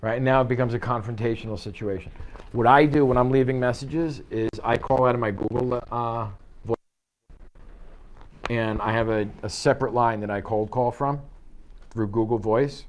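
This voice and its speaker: A man's voice: mid-range voice, steady tone, moderate pace, a little hiss or hum. A man teaching a real estate sales class in an office, acting out phone calls in quoted voices. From United States. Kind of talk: office training talk.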